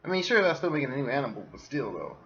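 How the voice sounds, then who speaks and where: Solo podcast host, male, mid pitch, profane and animated, slightly muffled home recording. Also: very fast, creaky. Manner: profane, animated, laughs often. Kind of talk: casual solo podcast rant.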